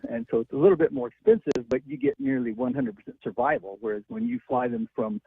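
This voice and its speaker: A veterinarian calling in by phone, explaining things in a chatty way and chuckling easily. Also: male voice, on the high side, very animated, fast, creaky, husky, dry recording. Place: on the phone, away from the studio. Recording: tinny phone line.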